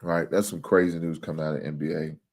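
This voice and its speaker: On his casual sports livestream, a man talks with viewers and reads their comments, shifting from quiet mumbles to loud, exasperated outbursts full of cursing. His tone stays level and his pace is quick.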